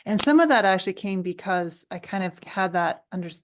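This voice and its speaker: A woman's voice: mid-range voice, expressive, a little fast, a little hiss or hum. A woman podcast host speaking reflectively and searching for her words. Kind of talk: reflective conversation.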